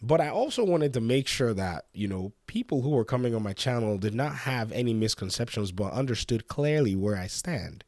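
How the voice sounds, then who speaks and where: Man, congested from a cold, defensive gaming commentary, mid-pitched, dry close sound. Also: lively intonation, moderate pace, few pauses, a little mellow, dry recording. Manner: defensive, argumentative, addresses a commenter directly. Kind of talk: casual commentary to camera.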